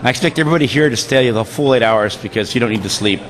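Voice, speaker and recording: A man announcing a live student robot competition, jokey and excitable. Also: medium pitch, rapid-fire. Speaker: event announcer. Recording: live crowd noise.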